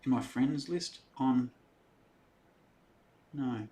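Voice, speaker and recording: Hosting a live stream, an Australian man speaks in a mellow mid-range voice, drawing out his words. He rambles in a friendly, chatty way, reading viewer comments aloud and responding to their questions.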